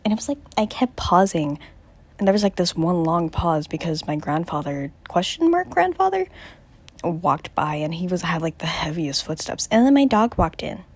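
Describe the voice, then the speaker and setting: A woman's voice: on the low side, very animated, normal speed, darkish tone, slightly rough. Chatty teen girl rambling. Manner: rambling, jokey, full of "like". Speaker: student doing a book summary. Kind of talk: casual chat.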